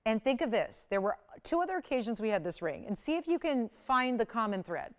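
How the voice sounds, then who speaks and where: A woman hosting a live jewelry shopping show, chatting and selling with upbeat patter and bursts of excitement. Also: on the high side, fairly quick. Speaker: shopping channel jewelry host. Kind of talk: live home shopping presentation.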